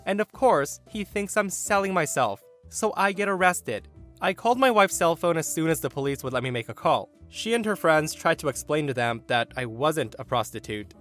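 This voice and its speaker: A man hosting a podcast, reading revenge stories aloud with sarcastic, animated delivery. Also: on the high side. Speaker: podcast host.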